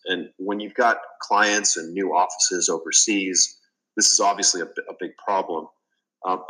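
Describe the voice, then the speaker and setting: Male podcast guest, low pitch, bright and forceful delivery, talks earnestly. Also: low-quality recording. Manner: earnest storytelling with fillers and restarts. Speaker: guest, business consultant. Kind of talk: casual interview.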